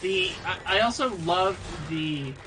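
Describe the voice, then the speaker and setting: A man chatting casually with friends on a stream, rambling and halting, teasing and joking. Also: sits high, expressive, pushed and bright, a little hiss or hum, low-quality recording. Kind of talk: casual chat among friends.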